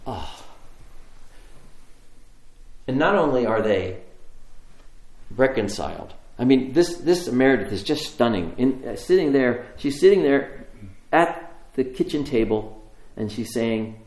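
Guy preaching a sermon, storytelling with long pauses, echoey room. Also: mid-range voice, animated, darkish tone. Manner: storytelling, varied emphasis, drawn-out pauses. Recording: roomy echo.

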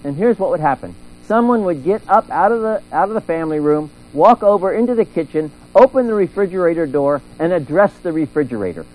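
Middle-aged guy preaching in church, slightly high voice, storytelling and doing little voices. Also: fairly quick, few pauses, low-quality recording. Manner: animated storytelling, acting out voices. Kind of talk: sermon.

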